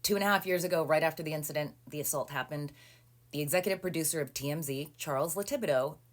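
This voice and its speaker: A woman telling a personal story in a casual, chatty monologue, full of fillers and acted-out quotes. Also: fast. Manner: animated, acting out quoted people with rising pitch and volume; chatty with frequent "um" and "like". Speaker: storyteller recounting a personal legal ordeal.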